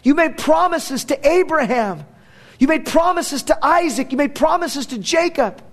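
A man's voice: very high voice, animated, moderate pace, voice pushed up. A man playing Moses as a prophet pleading earnestly with God for his people.

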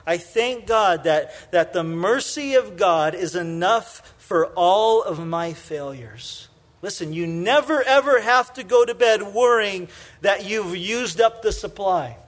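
A middle-aged man preaching a sermon in a conversational way, full of "you know" fillers, moving from lively storytelling into soft, hushed emphasis. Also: sits high, slow pace. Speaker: pastor.

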